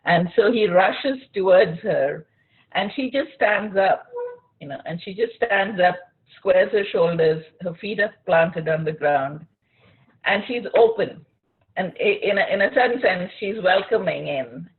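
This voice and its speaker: Husky woman on a tinny call line. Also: on the low side, animated, unhurried. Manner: thoughtful, searching, with frequent restarts. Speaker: interviewer. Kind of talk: reflective conversation.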